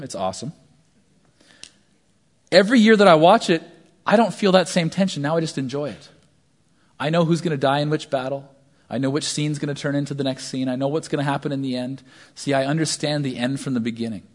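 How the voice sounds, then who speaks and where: A man in his thirties preaching a sermon, telling stories animatedly and swinging between hushed asides and loud shouts. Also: on the high side, fast. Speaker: pastor.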